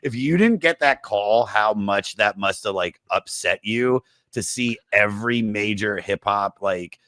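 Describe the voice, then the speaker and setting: A man's voice: on the low side, a little slow, a bit bright, no echo. A man with a Maryland accent hosting a podcast, telling stories in a rambling, profane, joking way. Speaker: podcast host. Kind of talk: casual chat.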